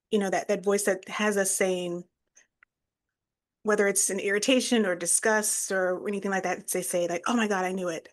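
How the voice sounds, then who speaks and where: A woman co-hosting a podcast, speaking in a measured, reflective way with frequent ums. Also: mid-range voice. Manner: measured, thoughtful, fillers like um. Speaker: podcast co-host. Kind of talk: reflective conversation.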